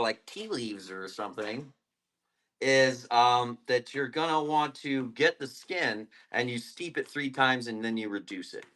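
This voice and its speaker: A man's voice: mid-range voice, pushed and bright. A man selling plants on a live stream, chatting casually and rambling between topics while eating. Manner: rambling, laid-back, eating while talking.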